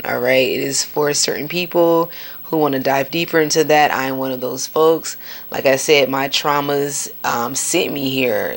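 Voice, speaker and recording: Podcast host, woman: deep gravelly voice, casual and profane, with bursts of high-pitched exclamation. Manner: candid and profane, with sudden high-pitched outbursts. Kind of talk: casual spiritual monologue.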